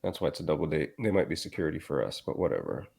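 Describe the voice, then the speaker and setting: A man co-hosting a live show in casual chat, teasing his friends and jumping in with quick remarks. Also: rumbling low, sing-song, vocal fry, darkish tone, slightly rough. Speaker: podcast co-host.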